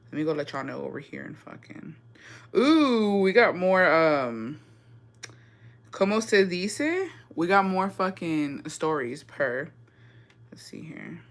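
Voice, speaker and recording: Young woman, deep and a little raspy, bright edge to the tone, casual profane livestream chatter with Spanish slipped in. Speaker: livestream host. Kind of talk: casual livestream chat reading comments.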